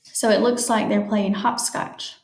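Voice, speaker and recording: A woman reading a picture book aloud to children, slowly explaining new words as she goes. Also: medium pitch, fairly even intonation, reverberant. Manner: slow, explains words to young listeners. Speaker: storytime reader.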